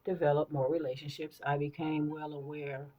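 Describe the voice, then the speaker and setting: A beauty vlogger in her fifties gives casual get-ready-with-me talk in a low, mellow, level voice at normal speed. Faint music sits behind a rough recording. Her stories are animated, and she often repeats phrases and checks in with listeners.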